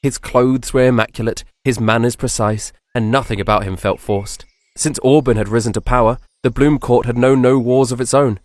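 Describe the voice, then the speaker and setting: A man narrating a fantasy story in a measured, soft-spoken, descriptive scripted style. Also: medium pitch, steady tone, dry recording, clean studio sound.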